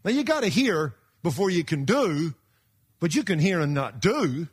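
Give me a male preacher in a sermon, a bit high-pitched, emphatic and conversational. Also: sing-song, normal speed, breathy edge. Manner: emphatic, swings between loud and hushed; folksy, conversational asides.

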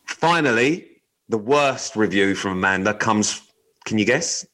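A man with a fairly low-pitched voice, talking casually on a podcast. He is blunt and jokey and swears freely, whether he is chatting or reading out quirky news stories. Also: lively intonation, measured pace, bright, forceful tone, poor audio. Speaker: podcast co-host. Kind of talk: casual chat, reading news items aloud.

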